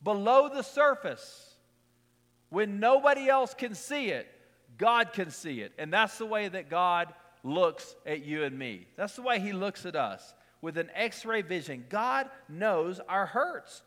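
High-voiced pastor preaching in a reverberant hall. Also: male voice, animated, fairly bright tone. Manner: conversational preaching with repeated lines and quick personal stories. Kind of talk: sermon.

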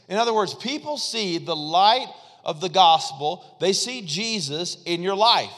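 Guy preaching a sermon, kinda high voice, chatty and repeats himself a lot, long echo like a big church. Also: lively intonation, unhurried, few pauses, a bit bright. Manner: conversational preaching with repetitions and audience call-and-response. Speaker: pastor.

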